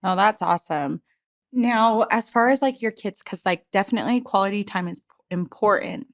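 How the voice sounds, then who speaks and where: A woman's voice: medium pitch, normal speed, dry recording, clean studio sound. A woman podcast host in a casual interview, asking long rambling questions and affirming her guest.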